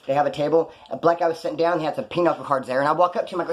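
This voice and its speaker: A man's voice: fairly high pitch, steady tone, very fast. A man casually telling rambling, profanity-laced stories with a wry edge. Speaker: vlogger recounting jail stories. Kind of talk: casual storytelling.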